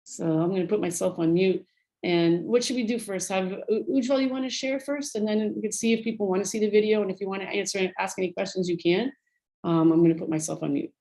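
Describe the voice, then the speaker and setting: A woman's voice: medium pitch, steady tone, fast, mellow, rough recording. A woman speaking earnestly and a little rambly on a video call, retelling stories about the volunteer work she does. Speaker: volunteer speaker on prison program. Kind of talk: casual talk on a video call.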